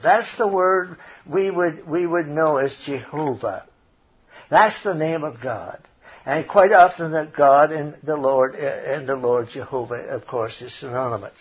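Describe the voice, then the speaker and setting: A man preaching a sermon, growing loud and emphatic as he quotes scripture. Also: medium pitch, slightly rough. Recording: dull lo-fi recording.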